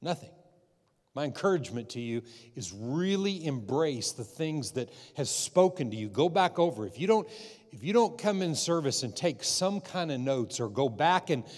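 A man's voice: a little high, sing-song, normal speed. A man preaching a sermon as pastor, repeating phrases and calling out for amens. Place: church sanctuary. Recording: long hall reverb.

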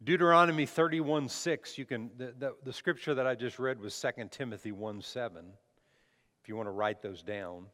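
A man's voice: medium pitch, normal speed, bright, forceful tone. A man preaching a conversational sermon as a pastor, often restarting his phrases. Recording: long hall reverb.

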